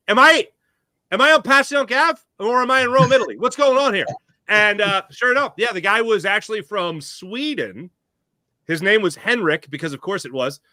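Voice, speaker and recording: Animated bright-voiced man telling stories. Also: high-pitched, no echo. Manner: animated storyteller, acts out quotes. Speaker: guest. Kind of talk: casual sports chat.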